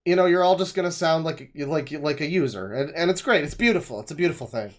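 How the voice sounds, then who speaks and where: A man's voice: a little high, lively intonation, fast, hardly any pauses. Man riffing profanely on a livestream. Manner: rambling, profane, sarcastic riffing. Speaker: livestream host reacting to a video. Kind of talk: casual reaction commentary.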